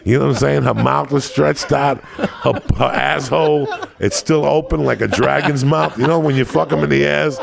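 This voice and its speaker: A man's voice: medium pitch, steady tone, normal speed, a crowd in the background. A man, a podcast guest, telling rambling, profane stories in a casual chat. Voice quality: gravelly. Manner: crude, rambling storyteller. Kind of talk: profane storytelling.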